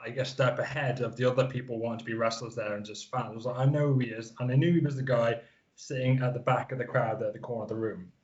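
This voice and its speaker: A man's voice: medium pitch, fairly even intonation, fast, dull audio. Rambling man from the Isle of Man. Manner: rambling, lots of fillers and restarts. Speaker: guest wrestler. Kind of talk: casual interview chat.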